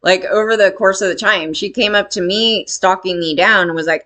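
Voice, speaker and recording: Woman rambling emphatic storyteller, candid, drops swear words, medium pitched voice. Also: moderate pace, bright, forceful tone.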